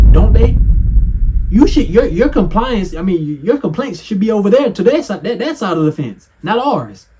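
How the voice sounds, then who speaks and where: A man giving heated reaction commentary with a mocking, animated manner, swearing and laughing often. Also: a little high, husky.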